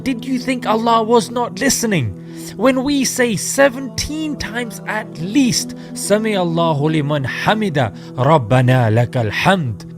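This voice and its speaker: Emphatic male preacher over music. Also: extremely high pitch. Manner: emphatic, rhetorical. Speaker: preacher in a played clip. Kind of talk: sermon.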